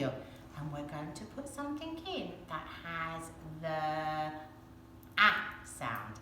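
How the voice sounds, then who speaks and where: English female teacher for a phonics video: wildly animated pitch, slow careful delivery, faint room hum. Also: roomy sound. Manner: sing-song, animated, encouraging. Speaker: early years teacher. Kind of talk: phonics lesson for young children.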